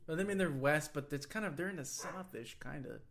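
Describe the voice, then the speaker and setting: A man's voice: a little high, animated, a little fast, vocal fry, a crowd in the background. Laid-back, profane Texan man. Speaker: podcast co-host. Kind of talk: casual chat.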